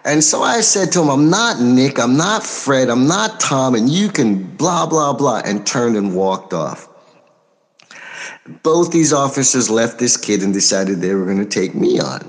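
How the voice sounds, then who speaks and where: An American man, a record producer, answering interview questions in a measured way, pausing often with soft fillers and speaking forthrightly. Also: mid-range voice. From United States. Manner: outspoken and forthright. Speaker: record producer and label owner.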